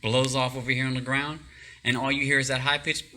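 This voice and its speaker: A man telling a personal story in a casual, animated way, rambling, restarting often and breaking into laughs. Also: mid-range voice, fairly quick, a little hiss or hum. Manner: rambling with many fillers and restarts.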